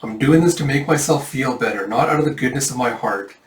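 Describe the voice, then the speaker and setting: A man voicing a sharp-tongued young caretaker who grumbles and scolds, heard from a distance in an echoey room. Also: medium pitch, fairly quick, close to an everyday voice. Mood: exasperated. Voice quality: exasperated, curt.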